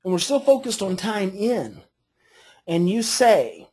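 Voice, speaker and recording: Husky woman coaching parents. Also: mid-range voice, slow. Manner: earnest, explanatory, models calm phrases for parents. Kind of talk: teaching a parenting class.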